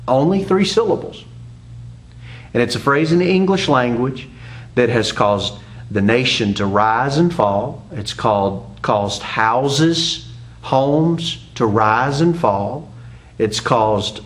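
A man preaching as a pastor, an earnest teaching sermon to a video audience, with emphatic rising phrases and slow, drawn-out stresses. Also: mid-range voice.

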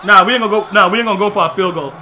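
High, bright-voiced excitable gamer man. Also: rapid-fire, a little hiss or hum. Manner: excitable, trash-talking, slangy, bursts into shouts. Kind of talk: live gameplay commentary.

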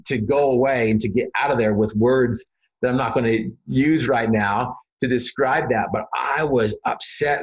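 A man being interviewed, telling a personal story in an earnest, emotional way, often repeating words and saying "you know". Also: medium pitch. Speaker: interview guest.

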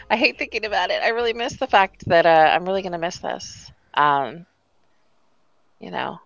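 A woman hosting a virtual-world event in casual chat, emotional and halting, with many fillers. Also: fairly low pitch, gravelly, no echo, highs cut off.

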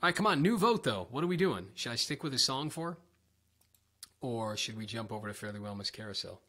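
A man's voice: mid-range voice, expressive, fairly quick, sharp tone. A man teaching guitar on a casual livestream, chatty, rambling and self-deprecating.

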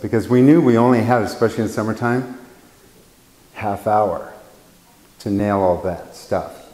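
A man with a fairly low, somewhat mellow voice instructs painting in an easygoing, rambling manner. Anecdotes and acted-out quotes fill his talk, heard through roomy hall reverb.

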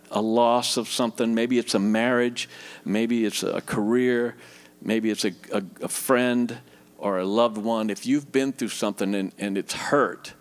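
A middle-aged man from Louisiana preaching a tender sermon and leading a closing prayer, his voice dropping soft and low as he prays. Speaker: guest preacher.

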